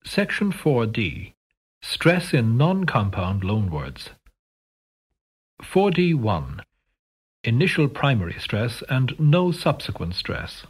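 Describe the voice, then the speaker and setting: A man narrating a pronunciation course in a measured, scripted way, announcing sections and rules. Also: medium pitch, very animated, breathy edge.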